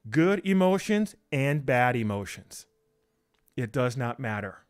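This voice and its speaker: A man's voice: mid-range voice, very animated, measured pace, clean tone. A man preaching emphatically, repeating his points, asking rhetorical questions and often checking in with "okay?".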